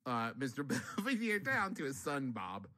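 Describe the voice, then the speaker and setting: A man co-hosting a comedy podcast, asking questions in a mock-serious, deadpan way. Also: mid-range voice, moderate pace. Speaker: podcast co-host.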